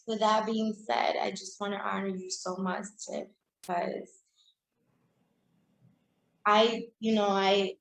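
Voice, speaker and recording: A woman guest on a video call, sharing in an earnest, halting way in casual spiritual chat. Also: medium pitch, reverberant, low-quality recording.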